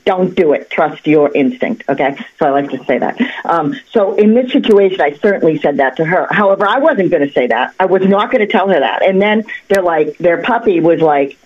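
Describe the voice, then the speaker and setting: A woman who works as a psychic, telling a story on a cable access talk show in an animated, chatty way with lots of fillers and restarts. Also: lowish voice, a little fast, few pauses, slightly rough, highs cut off. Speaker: psychic guest. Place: local access TV studio.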